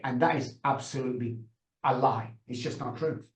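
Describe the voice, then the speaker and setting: A middle-aged addiction consultant, appearing as a guest on a video call, tells his story with passion and emphasis in emotional storytelling. His mid-range voice moves at a moderate pace, and the recording has a roomy echo.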